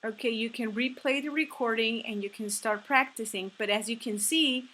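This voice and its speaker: Bright-voiced woman teaching English. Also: on the high side, normal speed, few pauses, rough recording. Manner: encouraging, repeats "okay" between steps. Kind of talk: classroom instruction.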